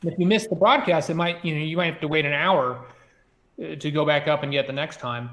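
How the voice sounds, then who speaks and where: A man's voice: fairly high pitch, fairly quick, fairly bright tone, reverberant, lo-fi sound. A man, a former submarine officer, telling a story in a chatty way, full of "you know" and "like" and many restarts. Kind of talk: conversational storytelling.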